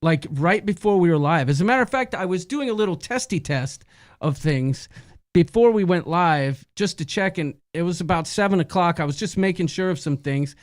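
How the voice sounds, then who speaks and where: A man's voice: high-pitched, expressive, normal speed. A man co-hosting a casual live-stream chat in a jokey, chatty way. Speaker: co-host.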